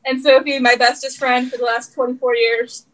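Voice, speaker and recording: A woman's voice: high-pitched, flat delivery, normal speed, a bit bright, rough recording. A woman co-hosting a podcast, chatting in a playful, teasing way. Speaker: podcast co-host. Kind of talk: casual chat.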